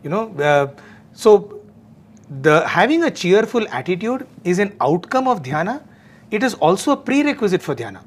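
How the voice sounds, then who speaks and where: A man's voice: high-pitched, sing-song, normal speed. Earnest man in spiritual chat. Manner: earnest, many fillers like "you know". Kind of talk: casual spiritual conversation.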